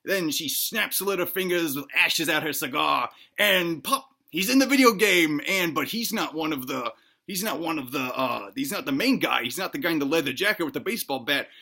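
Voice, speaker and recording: A man telling a crude improvised comedic story in a rambling, deadpan way. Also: on the high side, normal speed, creaky.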